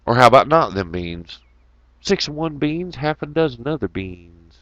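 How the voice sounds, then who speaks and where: A man's voice: mid-range voice, big pitch swings, moderate pace, a bit bright, dry recording, dull audio. Profane, rambling man. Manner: profane, rambling, laughs often. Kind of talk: casual rambling storytelling.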